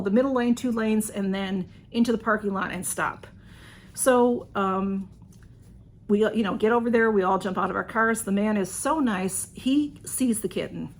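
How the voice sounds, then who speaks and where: Excited, rambling woman storyteller. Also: mid-range voice. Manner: excited, rambling, with many restarts and fillers. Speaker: channel host. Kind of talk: casual storytelling.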